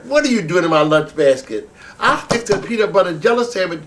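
A man hosting a children's show, talking in an animated, exaggerated, teasing way. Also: high voice, brisk, recorded from a distance, slight background noise. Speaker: children's entertainer and show host. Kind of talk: playful children's show banter.

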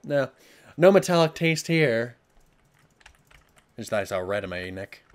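A man narrating a horror game playthrough from his home setup, cracking sarcastic jokes and talking straight to the monsters. His pitch swings widely between low mutters and high exclamations. His voice sits mid-range in pitch. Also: very animated, a little slow. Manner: sarcastic, jokey, talks to the game. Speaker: let's play gamer.

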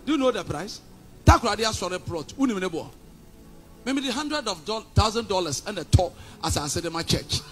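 A man with a Ghanaian accent preaching a fiery, defiant sermon, shouting and mixing Twi and English. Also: sits high, big pitch swings, fairly quick, soft background music. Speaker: pastor.

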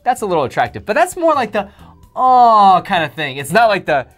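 A man co-hosting a casual chat show, animated and joking, his voice jumping up when excited. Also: sits high, quick pace, faint music behind. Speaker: co-host.

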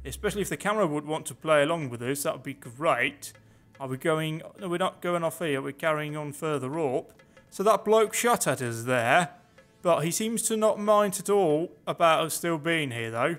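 Man, casual gameplay commentary, slightly high voice, faint music behind. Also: lively intonation, normal speed, few pauses, fairly bright tone. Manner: chatty, sarcastic, muttering to himself. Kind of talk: casual let's play commentary.

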